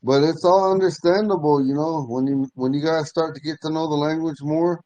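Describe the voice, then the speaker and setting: A man teaching a language class, telling stories in a relaxed way and laughing often. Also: fairly high pitch, brisk, dry recording, lo-fi sound. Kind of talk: casual storytelling in class.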